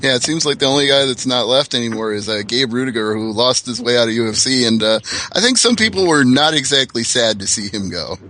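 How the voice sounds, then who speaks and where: Male host, bright tone, enthusiastic fan, casual interviewer. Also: medium pitch, expressive, brisk, few pauses.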